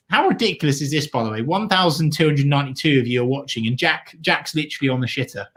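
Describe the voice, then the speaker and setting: A man's voice: a little high, lively intonation, quick pace, hardly any pauses. Man, fan co-host, enthusiastic, thanks donors, casual match chat. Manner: enthusiastic, reads out donations, shout-outs.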